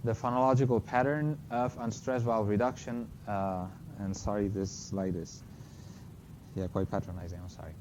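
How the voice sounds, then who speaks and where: At a moderate pace and with fairly even intonation, a lowish-voiced man lectures on linguistics using slides, careful in his explanations and briefly apologetic when he corrects himself. The lo-fi recording is slightly dull with faint noise.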